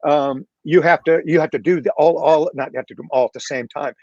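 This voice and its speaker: A man's voice: a little high, fast, darkish tone, no room sound, lo-fi sound. A man on a panel talking reflectively, with many fillers and restarts. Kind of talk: casual panel talk.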